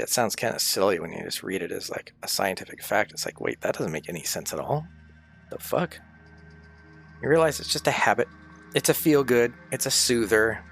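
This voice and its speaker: A man's voice: on the low side, creaky, a bit bright. A man chatting casually on a livestream, rambling and swearing freely, sounding tired and sick.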